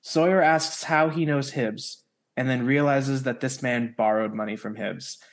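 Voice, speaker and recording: A man with a mid-range voice co-hosts a relaxed recap podcast. He walks through the plot of an episode step by step in a plain, conversational way. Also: mid-range voice, a little slow. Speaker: podcast co-host. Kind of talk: casual chat recapping a TV episode.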